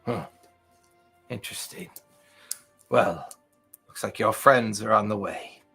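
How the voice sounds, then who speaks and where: A gruff shark-form merfolk commander, put on by a man running a tabletop game. He speaks in a low, clipped way, curt and commanding, as if every word is a grudging duty. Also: slow, bright, forceful tone, soft background music, full character voice. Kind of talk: tabletop role-play.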